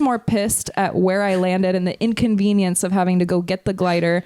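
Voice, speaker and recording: A woman telling a story in a casual podcast chat, animated, laughing often and swearing freely. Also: lowish voice, fairly quick, hardly any pauses, smooth, no room sound. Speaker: podcast co-host.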